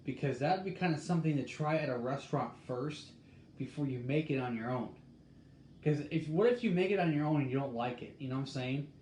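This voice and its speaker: A man in casual talk, reading a recipe aloud and musing in a halting way as he thinks out loud. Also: medium pitch. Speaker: host. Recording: echoey room with faint background noise.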